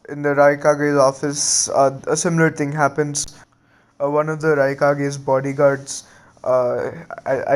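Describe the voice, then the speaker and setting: A man's voice: medium pitch, clean tone. A man casually retelling a fan story in a rambling, hesitant way.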